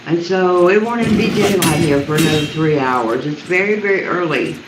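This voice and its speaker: A woman moderating a voice chat room, scolding in halting speech and repeating words. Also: fairly low pitch, animated, roomy sound, heavy background noise.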